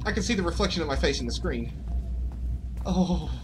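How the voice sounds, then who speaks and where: With music playing behind him, a man hosts a horror game playthrough for his channel, jittery and panicky as he addresses his viewers in scared bursts. His fairly high voice is expressive and a little fast.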